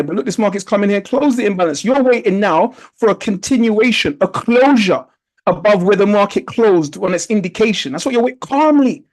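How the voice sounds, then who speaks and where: High-voiced man coaching traders. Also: low-quality recording. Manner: coaxing, repetitive coaching with rhetorical questions. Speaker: trading instructor. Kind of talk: live online trading lesson over a chart. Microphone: video call.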